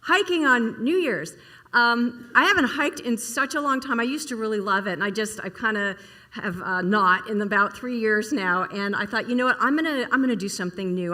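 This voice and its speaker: A woman's voice: mid-range voice, sharp tone. A middle-aged woman minister giving a casual, storytelling sermon and asking her congregation questions in a church service. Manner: chatty, storytelling, asks the audience questions.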